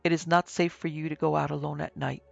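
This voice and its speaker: A man reading aloud, voicing a forester's anxious little daughter in a soft, sleepy voice. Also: a little high, flat delivery, fast, gravelly, dry recording, dull audio, soft background music. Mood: worried.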